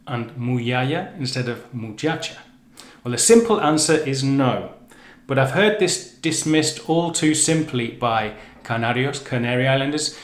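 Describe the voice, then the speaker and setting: A language teacher living on the Canary Islands gives an educational explainer on a language's features, chatty and self-correcting, often restarting his sentences. His voice is fairly high, and the recording is reverberant.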